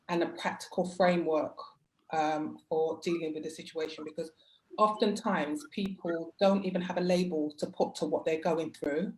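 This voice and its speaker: A woman with a fairly low voice moderates a panel over a video call, pausing on ums as she thanks the speakers. Faint noise sits behind her voice. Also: a little mellow, poor audio. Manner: halting, with many ums. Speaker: webinar host.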